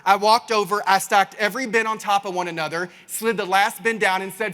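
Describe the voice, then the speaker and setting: A man with a Kentucky Southern accent giving an animated keynote talk, telling stories to a crowd and calling them y'all. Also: sits high, a little fast, few pauses. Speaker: keynote speaker. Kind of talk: energetic keynote storytelling. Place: large conference stage. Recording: reverberant conference hall.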